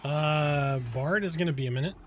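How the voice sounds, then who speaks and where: A man's voice: fairly high pitch, normal speed, slight background noise. A man streaming a game, chatting casually with his viewers and answering their questions while he plays. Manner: relaxed, chatty, reads and answers chat while focused on the game. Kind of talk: casual live-stream chat while playing.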